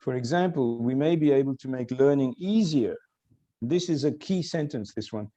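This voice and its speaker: An older man lecturing online as a professor, explaining slowly and quizzing his students. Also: medium pitch, mellow, muffled recording. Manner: explanatory, questioning students, self-correcting.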